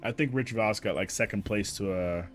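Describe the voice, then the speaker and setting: A young man with a fairly low voice talks casually late at night, rambling and swearing as he goes. He restarts sentences often and coughs between thoughts, sounding worn out. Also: normal speed. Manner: rambling, profane, frequent fillers and restarts. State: tired, coughing. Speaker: streamer. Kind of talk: casual late-night monologue about comedy.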